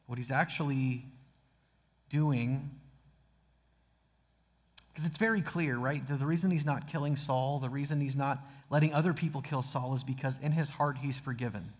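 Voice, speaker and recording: A man's voice: mid-range voice, normal speed, long pauses. Man preaching in a reverberant church. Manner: earnest, with dramatic read-aloud of scripture. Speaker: pastor. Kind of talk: sermon. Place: church sanctuary.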